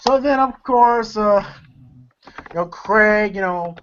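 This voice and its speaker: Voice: mid-range voice, takes it slowly, a little hiss or hum. Rambling movie reviewer, lo-fi sound. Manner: rambling and laughing with many fillers. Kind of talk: casual movie recap. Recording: dull lo-fi recording.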